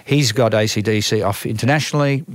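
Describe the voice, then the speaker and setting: A man's voice: fairly low pitch, fast talker, no room sound. Older Australian man telling stories. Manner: rambling, many restarts and repeated words. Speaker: music manager, guest. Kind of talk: storytelling interview.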